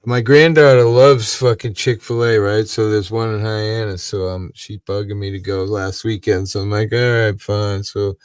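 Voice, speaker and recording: A man's voice: fairly low pitch, steady tone, moderate pace, few pauses, clear, resonant tone, no echo. An older man, hosting a live stream and telling rambling, profane, aggrieved stories in casual chat. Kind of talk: casual storytelling. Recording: dry, from a distance.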